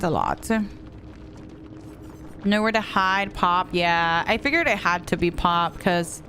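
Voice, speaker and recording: A woman's voice: mid-range voice, animated, slow, pauses often, fairly bright tone, a little hiss or hum. A young woman streaming a game, chatting casually with viewers and humming little vocal stims between thoughts. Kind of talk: casual gameplay chat while answering viewers.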